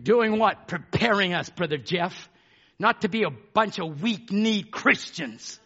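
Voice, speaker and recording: A man preaching a fiery sermon, fervent, swinging between shouted declarations and hushed asides. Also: sits high, expressive, measured pace, lo-fi sound.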